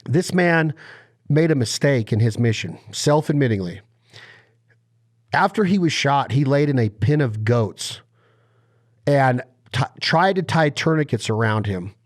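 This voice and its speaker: A man's voice: mid-range voice, measured pace, long pauses. Impassioned man hosting a podcast. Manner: animated storyteller, impassioned and emphatic. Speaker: podcast host. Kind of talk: casual podcast interview.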